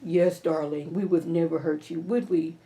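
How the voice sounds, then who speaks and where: A woman voicing a fake-sweet scheming man who speaks in a soft, low, falsely reassuring way. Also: steady tone, moderate pace, rough recording. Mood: falsely soothing. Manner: overly polite, falsely reassuring.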